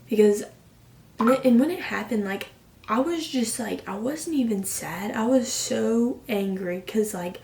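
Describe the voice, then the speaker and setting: A woman's voice: medium pitch, gravelly, a little mellow. Emotional teen girl, roomy distant sound. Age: late teens. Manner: emotional, rambling, heavy use of "like". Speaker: vlogger. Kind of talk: personal storytelling to camera.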